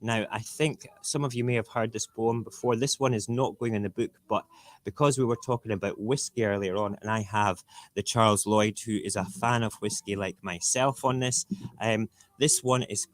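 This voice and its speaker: A man hosting a casual morning livestream from his dinner table, chatting in an animated way, repeating himself, and reading rhyming verse with relish. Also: on the low side, moderate pace, no echo. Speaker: livestream host. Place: home dinner table, TV cartoons in the background.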